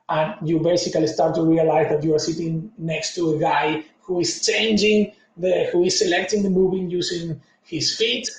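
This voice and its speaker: A man in his forties from Latin America, giving an earnest conference talk full of personal stories. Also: fairly high pitch. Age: 40s. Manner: earnest, anecdotal, non-native phrasing. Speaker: conference speaker. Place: conference room. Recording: echoey room, distant mic.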